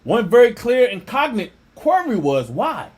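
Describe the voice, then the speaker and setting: Male religious teacher reading aloud, high pitched and lively, with scornful asides. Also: unhurried. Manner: animated, scornful asides with laughter.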